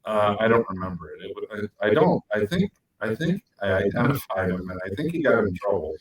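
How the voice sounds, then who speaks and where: A podcast co-host with a low, husky voice tells stories in a casual chat, speaking fairly quickly on a rough recording. He's an animated storyteller who acts out quotes with big jumps in pitch.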